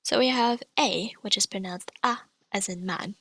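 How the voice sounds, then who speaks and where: A woman language teacher explaining pronunciation in a clear, patient, scripted lesson, demonstrating each sound. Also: mid-range voice, moderate pace, a bit bright.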